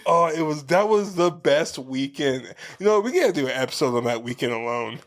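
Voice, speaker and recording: A man's voice: on the high side, brisk. Profane storytelling podcast man. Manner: profane, storytelling, animated retelling. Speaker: podcast co-host. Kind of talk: casual chat.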